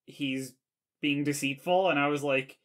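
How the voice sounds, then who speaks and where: A man appearing as a podcast guest, rambling and animated in a casual film discussion. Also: a little high, a little slow.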